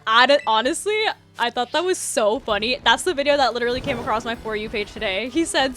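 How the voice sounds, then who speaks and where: A young woman in her twenties streams a game live and chats with her viewers, playfully sarcastic and quick to giggle. Her voice sits fairly high. Loud house beats run under her talk the whole time. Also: lively intonation, faint music behind. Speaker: game streamer reading chat. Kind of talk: casual live-stream chat. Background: house beats playing under the voice.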